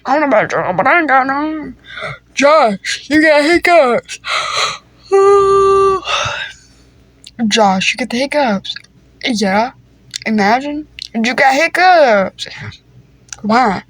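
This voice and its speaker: A woman's voice: high voice, expressive, takes it slowly, long pauses, fairly bright tone, no room sound. A woman improvising a comedy family skit, talking in a playful, teasing, slangy way. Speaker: creator voicing a family skit.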